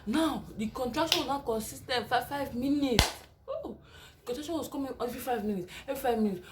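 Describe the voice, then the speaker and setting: A young Nigerian woman vlogging to camera in a bright, somewhat high voice. She tells her story in a casual, animated way and keeps turning to her viewers with asides. A faint hiss sits under the recording. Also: quick pace. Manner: animated, lively retelling full of asides to viewers.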